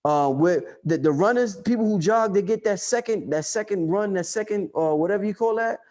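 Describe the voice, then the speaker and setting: Male livestream host, high voice, forceful preaching rant. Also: a little fast. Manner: loud, emphatic, profane preaching; reads and answers viewer chat.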